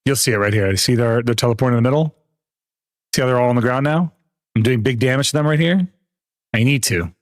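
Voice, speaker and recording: A young man gives casual, chatty commentary while he plays a game live, laughing often between his explanations. His voice sits at an ordinary middle pitch and sounds dry and close, with no room around it. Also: quick pace, pauses often, no echo. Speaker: streamer.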